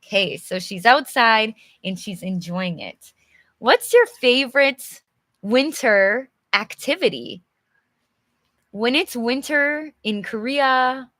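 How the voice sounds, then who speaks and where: Female English teacher, animated and chatty, slow delivery, dry close recording. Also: a little high, no echo. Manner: giggly, animated, chatty with viewers. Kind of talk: live storybook reading with chat.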